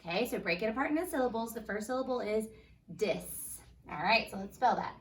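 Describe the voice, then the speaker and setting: Patient first grade teacher, woman, slow clear phonics, slightly distant mic. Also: fairly high pitch, lively intonation. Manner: upbeat, patient, sounds words out slowly. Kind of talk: phonics lesson for young children.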